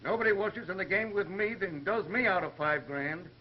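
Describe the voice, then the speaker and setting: A man's voice: high voice, normal speed, husky. An actor playing a hard-nosed male gangster who threatens a man over a debt, in a tough, clipped manner. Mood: menacing. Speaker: gambler demanding a debt. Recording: 1930s film soundtrack, dull and hissy.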